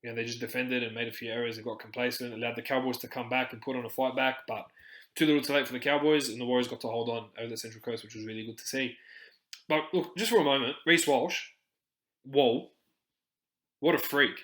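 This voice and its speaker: A man's voice: medium pitch, fairly even intonation, fast talker, fairly bright tone, roomy sound, rough recording. A man hosting a casual sports podcast, talking passionately with many restarts. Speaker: podcast host.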